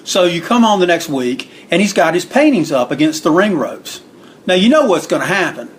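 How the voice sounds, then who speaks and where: A man tells old stories in a loose, rambling way. His voice sits a little high, and he jumps higher still to act out what others said. A faint hiss of noise runs behind him. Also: sing-song, normal speed. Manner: rambling, acts out quotes with raised pitch. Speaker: interview guest, wrestling book author. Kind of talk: casual storytelling.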